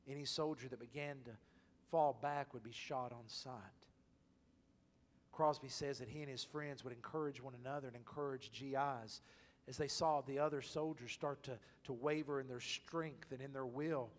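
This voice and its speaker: A male pastor preaching a sermon, swinging from loud, emphatic exhortation to hushed whispers. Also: mid-range voice, fairly even intonation, moderate pace. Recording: long reverb of a large hall.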